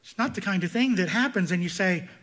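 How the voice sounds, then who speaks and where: High-voiced male preacher. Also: fast. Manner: preaches with swings from loud emphasis to quiet intensity. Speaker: pastor. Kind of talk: sermon.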